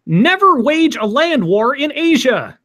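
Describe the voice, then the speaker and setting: A bombastic movie-trailer announcer, as a man puts him on for a joke, pitched up and loud. He stretches every phrase slowly for maximum overblown drama. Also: sing-song, heavily acted. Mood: grandiose. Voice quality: exaggerated, drawn-out delivery.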